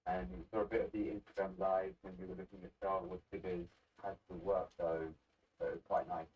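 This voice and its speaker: Male guest, low voice, halting manner, muffled far-off call audio. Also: flat delivery. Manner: hesitant, halting speech. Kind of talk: casual chat on a video call.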